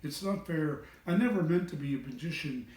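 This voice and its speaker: A man voicing a frightened old gentleman who wails in a trembling, whining voice. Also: a little high, fairly quick, echoey room, distant mic, close to an everyday voice, low-quality recording. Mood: wailing.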